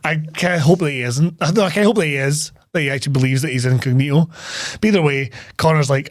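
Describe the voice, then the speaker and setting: A man's voice: on the high side, fast talker, no room sound, clean studio sound. A young Scottish man co-hosting a podcast, recapping a film in casual chat, joking, swearing freely and laughing often. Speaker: podcast co-host.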